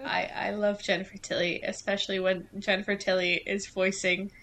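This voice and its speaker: A young woman on a podcast with a bright, forward voice. She explains things to her friends in an eager, enthusiastic way. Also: mid-range voice, level tone, fairly quick. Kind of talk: casual chat.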